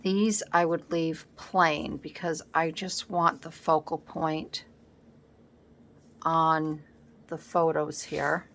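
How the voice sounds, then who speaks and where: A scrapbooking vlogger sits at her craft table at home, thinking aloud casually as she works while a camera set on the table records her. Her voice is deep, creaky and a bit bright, with a flat, slow delivery.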